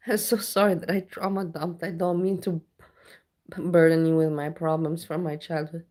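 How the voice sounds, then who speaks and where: A woman's voice: fairly low pitch, little pitch movement, moderate pace, darkish tone. A woman chatting casually on a live stream, talking straight to her viewers and swearing bluntly when she rants. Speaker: livestreamer.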